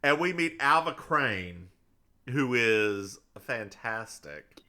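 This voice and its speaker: Bright-voiced man recapping a TV episode. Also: mid-range voice, very animated, slow. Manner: playful, jokey, recapping plot. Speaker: podcast co-host. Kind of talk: casual recap chat.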